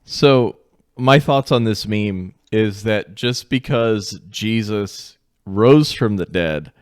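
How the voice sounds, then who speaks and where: A man speaking as a guest in a casual podcast chat, blunt and deadpan, with dry sarcasm. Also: on the low side, takes it slowly, clear, resonant tone, dry recording.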